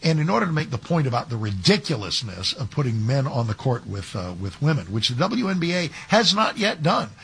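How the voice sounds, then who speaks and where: A man's voice: medium pitch, sing-song, a little fast, creaky, few pauses, fairly bright tone, slightly rough. A man hosting a talk radio show as a fill-in, talking conversationally with sarcastic asides and frequent restarts.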